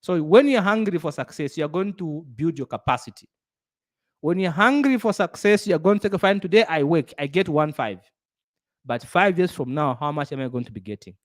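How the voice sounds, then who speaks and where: An earnest middle-aged man delivering a motivational talk with a preachy, repetitive style. His voice sits a bit higher than most men's, and he drives home each point by saying it again. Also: animated, fairly quick. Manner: earnest, preachy, repeats phrases for emphasis. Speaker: business speaker.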